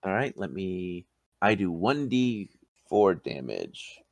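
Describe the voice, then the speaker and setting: A man acting as game master, narrating a tabletop game in a relaxed, plain way. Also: low voice, takes it slowly, vocal fry, no echo.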